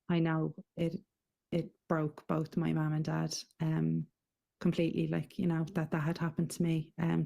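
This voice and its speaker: Low, flat-voiced Irish woman, halting. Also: creaky. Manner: halting and emotional, with frequent pauses and fillers. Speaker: guest. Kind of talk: personal testimony in an interview.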